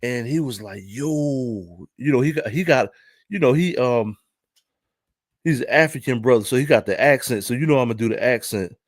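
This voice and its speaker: This vlogger, a man with a Philadelphia accent, talks fairly quickly in a medium-pitched voice, spinning a casual, rambling story. He repeats himself loosely and keeps asking the listener "right?". The clean studio sound has no echo.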